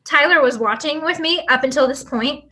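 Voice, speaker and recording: Bright, emphatic young woman. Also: high-pitched. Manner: opinionated, emphatic, quick. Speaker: podcast guest. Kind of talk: casual chat.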